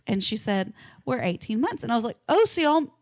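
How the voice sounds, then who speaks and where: Animated woman telling a story. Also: fairly high pitch, a little fast. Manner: animated, acts out quotes, swears and laughs. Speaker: podcast co-host. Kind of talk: casual chat, storytelling.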